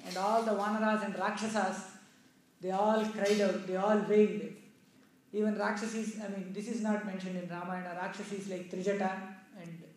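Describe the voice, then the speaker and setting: High-voiced male storyteller in echoing room. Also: little pitch movement, normal speed, a little hiss or hum. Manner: earnest, explanatory retelling with asides. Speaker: religious storyteller. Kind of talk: devotional storytelling. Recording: heavily echoey room.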